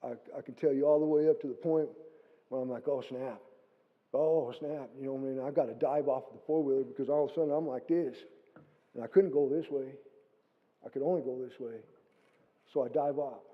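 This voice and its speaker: A middle-aged man giving a guest testimony in a church hall, telling his story in a lively way and acting out what he said. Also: mid-range voice, fast talker. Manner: animated storytelling, acting out his own quotes. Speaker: guest speaker. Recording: phone-like lo-fi sound with long hall reverb.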